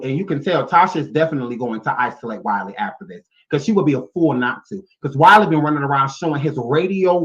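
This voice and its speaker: A man's voice: fairly high pitch, fairly bright tone, lo-fi sound. A man giving blunt, sassy and profane reaction commentary. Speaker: YouTube commentator.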